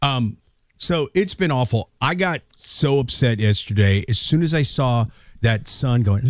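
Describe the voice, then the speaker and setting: Man, radio host, lively swooping pitch, dry close studio sound, jokey ranting banter. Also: a little slow, dry recording. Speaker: radio morning show host. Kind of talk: casual on-air banter. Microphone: studio microphone.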